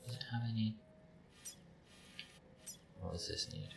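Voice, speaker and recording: An unhurried man with a steady, lowish voice and some vocal fry speaks over background noise. He streams games, casually commenting, joking and chatting with viewers as he plays.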